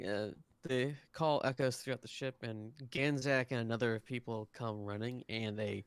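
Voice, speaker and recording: Man, game master, tabletop game narration, rambling, smooth resonant voice, dry close mic. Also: mid-range voice, steady tone, moderate pace, hardly any pauses, no room sound. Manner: rambling, many fillers and restarts. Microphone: close desk mic, online stream.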